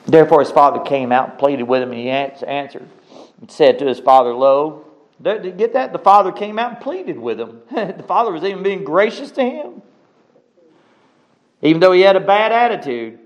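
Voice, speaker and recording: A man preaching a sermon, reading scripture aloud and commenting on it, with dramatic swings between loud exclamations and hushed asides. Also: a little high, lively intonation, normal speed, muffled recording.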